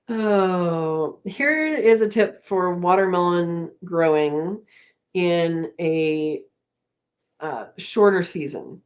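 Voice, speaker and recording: A woman runs a homesteading live chat, reading viewers' comments aloud in a relaxed, chatty manner, laughing often and trailing off with fillers. Her voice is lowish and slow, and the audio sounds dull.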